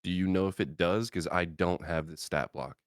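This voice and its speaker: A man's voice: low-pitched, normal speed, smooth, dry recording, clean studio sound. A man playing a tabletop role-playing game, thinking aloud with hesitant fillers. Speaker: player. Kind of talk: casual tabletop game chat.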